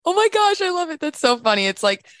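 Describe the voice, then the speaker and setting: A woman's voice: very high-pitched, big pitch swings, fast talker, no echo. A woman in her thirties, a podcast guest, telling her story in casual chat and acting out the voices she quotes, laughing often.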